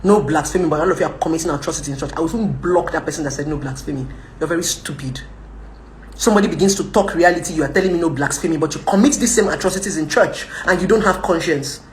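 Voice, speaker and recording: A woman's voice: deep voice, fast talker, echoey room, slight background noise. A young woman with a Nigerian accent, ranting and scolding viewers on a live video. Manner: scolding, combative, switches into Pidgin, laughs often. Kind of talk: ranting live-stream chat.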